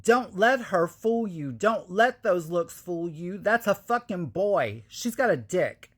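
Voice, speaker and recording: Woman voicing a spiteful shouting man, loud, drawn out, lively pitch. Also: slow. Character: furious man yelling across a restaurant.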